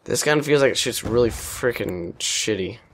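A man's voice: mid-range voice, animated, moderate pace, slight background noise. Rambling, foul-mouthed young gamer guy. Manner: rambling, self-deprecating, swears often. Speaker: gaming commentator. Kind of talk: casual gameplay commentary.

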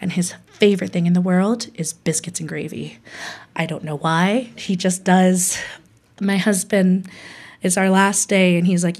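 A woman's voice: fairly low pitch, steady tone, measured pace, darkish tone. A young woman from Hawaii telling a candid personal story, laughing often and acting out what others said. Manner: candid, laughs often, quotes people with voices.

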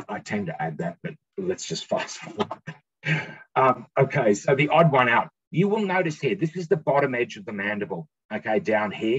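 A man's voice: fairly low pitch, slightly rough. An Australian man giving an informal, explanatory science lecture over a video call, often checking in with the audience. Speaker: guest researcher giving a lecture. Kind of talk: slide-based science talk. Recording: dull lo-fi video call audio.

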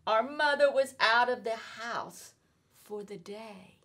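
A woman teacher reading a rhyming children's book aloud in an expressive, sing-song storytelling manner. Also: fairly high pitch, slow pace. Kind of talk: children's read-aloud narration.

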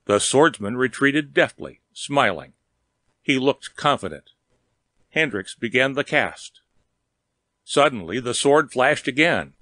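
A man narrates an audiobook in a steady, measured way. His voice sits at a middle pitch for a man. The recording is dry and close, with no room sound. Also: dry recording. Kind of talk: audiobook reading.

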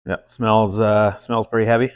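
A man's voice: on the low side, little pitch movement, moderate pace, clean tone. A man hosting a casual beer-tasting show, trying a stout and telling a joke, laid-back and full of fillers and puns.

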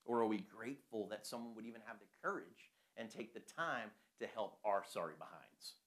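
Bright-voiced man preaching a sermon. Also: fairly low pitch, expressive, moderate pace. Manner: rhetorical questions, conversational.

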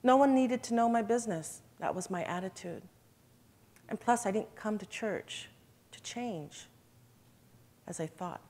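A woman's voice: medium pitch, unhurried, a little mellow. A woman giving an emotional, earnest church testimony in an event hall, addressing listeners as brothers and sisters.

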